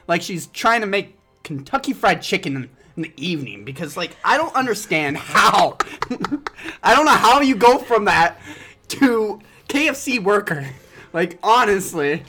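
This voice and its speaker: A woman from Indiana co-hosting a casual movie podcast, animated and laughing as she talks. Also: mid-range voice, a little slow. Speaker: podcast co-host.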